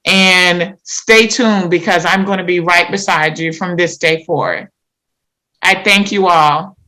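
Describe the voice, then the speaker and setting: A woman hosting a podcast, making an earnest, measured appeal and comforting a guest. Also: on the low side, fairly even intonation, pushed and bright, poor audio. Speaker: podcast host. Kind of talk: slow, earnest appeal and interview.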